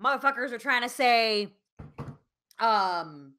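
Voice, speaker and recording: A woman co-hosting a podcast in casual chat, animated, with lots of fillers and swearing. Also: a little high, measured pace, clear, resonant tone. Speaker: podcast co-host.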